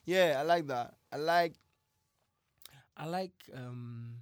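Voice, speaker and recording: A man in a casual chat who teases his partner and swears offhandedly, often dropping to a soft mumble. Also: on the high side, takes it slowly, clear, resonant tone, dry recording.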